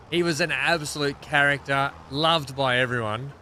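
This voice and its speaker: A man's voice: medium pitch, fairly even intonation, normal speed, few pauses, pushed and bright, a little hiss or hum. Chatty man streaming a game. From Australia. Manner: chatty, greets and questions chat viewers by name. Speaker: gaming streamer. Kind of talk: casual live-stream chat while gaming.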